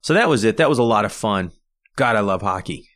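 A man's voice: on the low side, lively intonation, fairly quick, a bit bright. A man hosting a podcast, telling rambling personal anecdotes in a casual solo monologue and often restarting his sentences. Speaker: podcast host.

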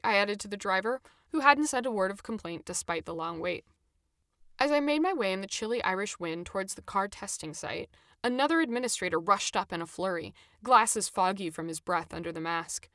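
A woman reading a first-person story aloud with an expressive, animated delivery. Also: fairly low pitch, a little fast, no room sound, studio quality.

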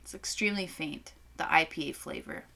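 A woman's voice: sits low, brisk, gravelly. A young adult woman chatting casually as a beer-review co-host, telling stories and swearing freely. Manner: lively, profane storyteller. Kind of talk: casual chat.

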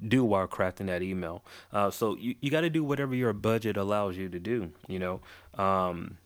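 A man's voice: low-pitched, dry recording. A man, hosting a podcast and giving loose, conversational advice full of ums and restarts. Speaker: podcast host. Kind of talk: casual advice talk.

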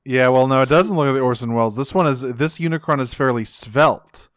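Male podcast co-host, casual and profane, clear voice in a dry room. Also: mid-range voice, fairly quick, fairly bright tone, no echo. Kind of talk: casual chat.

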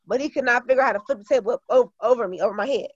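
A woman's voice: on the high side, very fast, breathy edge, dry recording, lo-fi sound. A woman teacher and author talking earnestly in an interview, with many fillers and restarts. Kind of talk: casual interview talk.

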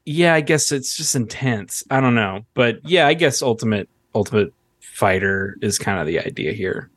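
A man's voice: fairly low pitch, lively intonation, normal speed, a bit bright, dry recording. A man co-hosting a podcast who thinks aloud in a hesitant, casual way. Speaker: podcast co-host. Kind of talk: casual chat.

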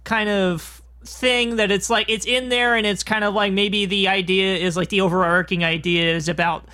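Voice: mid-range voice, steady tone, normal speed, sharp tone. A podcast co-host talking about a film in a rambling way, full of fillers. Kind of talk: casual film discussion.

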